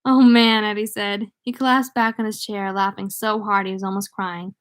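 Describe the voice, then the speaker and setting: A woman's voice: medium pitch, normal speed. Woman casually reading a novel aloud. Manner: reads dialogue with lively voices, stops to chat and laugh. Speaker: audiobook reader.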